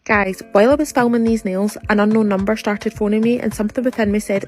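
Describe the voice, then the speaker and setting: A woman casually telling a phone-call story in a chatty, animated way. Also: a little high, fast, hardly any pauses, soft background music.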